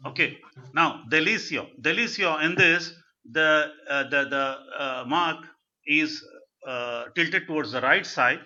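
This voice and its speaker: A man's voice: a little high, unhurried, pushed and bright. A man teaching French in a live video call class, repeating words as he drills pronunciation. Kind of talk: live online language class. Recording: muffled video-call audio.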